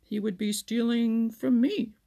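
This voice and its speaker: A woman reading a storybook aloud, voicing a mild, wise old male frog who speaks gently and stumbles on a word now and then. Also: on the high side, fairly even intonation, gravelly, pitched above the performer's own voice. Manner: mild, unhurried, stammering.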